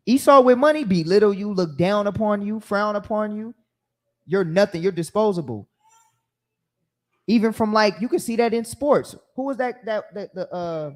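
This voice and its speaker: A man leads a Bible teaching in a lively sermon style. He tells stories with energy and acts out other people's voices. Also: sits high. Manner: animated storytelling, acting out quoted voices.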